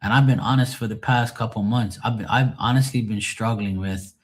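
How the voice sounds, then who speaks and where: A man's voice: fairly low pitch, brisk. A man on a live stream venting in a rambling, emotional monologue, swearing often and sounding drained and sad.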